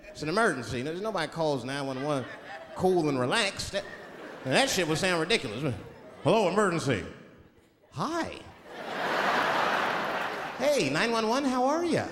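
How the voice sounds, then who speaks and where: Male stand-up comedian, animated, lively pitch, long hall reverb, loud audience. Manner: animated, slips into voices. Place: comedy stage before audience. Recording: live hall with loud crowd.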